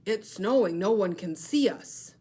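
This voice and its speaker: A small worried baby seal, as a woman reading aloud puts it on speaks a little above a normal voice. The lines are slow and plaintive, with lively pitch. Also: breathy edge. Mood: childlike.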